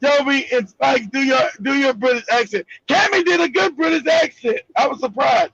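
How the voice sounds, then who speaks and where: A man co-hosting a casual online talk show, loud and profane, joking and laughing as he talks. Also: very high-pitched, normal speed, creaky, breathy edge, dry recording, highs cut off. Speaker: co-host.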